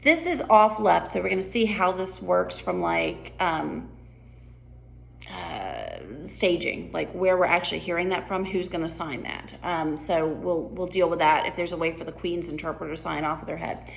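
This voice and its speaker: A woman's voice: fairly low pitch, animated, normal speed, creaky, a little hiss or hum. A woman walking through a play script for sign interpreters, chatty and full of fillers, acting out lines as she goes.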